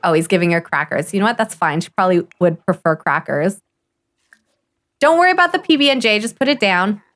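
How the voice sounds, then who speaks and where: An excitable woman streaming a life-sim game live, chatting casually as she plays. She gushes over every little moment, gasping and laughing between lines, with a voice that sits at an ordinary middle pitch for a woman. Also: brisk. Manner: excitable and gushing, gasps and laughs often. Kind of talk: casual live gameplay commentary.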